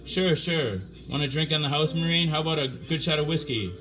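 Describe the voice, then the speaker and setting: A man's voice: a little high, a little fast, natural voice, poor audio. A man doing a fawning middle-aged bartender. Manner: fawning, eager to please.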